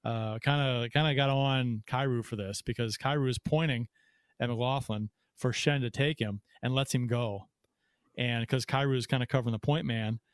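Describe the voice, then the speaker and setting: A man hosting a casual hockey podcast, breaking down plays in a halting way with many fillers. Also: mid-range voice, clear, resonant tone, no room sound, studio quality. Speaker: podcast host.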